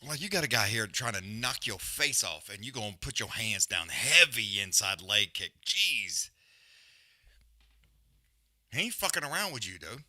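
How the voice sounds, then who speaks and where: A man's voice: lowish voice, sing-song, moderate pace, bright, forceful tone, no room sound, clean studio sound. A man hosting a live fight-watch stream, ranting bluntly with heavy swearing and loose slang, then calling the action. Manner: rambling with restarts and trailing mutters. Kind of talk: profane casual rant and fight commentary.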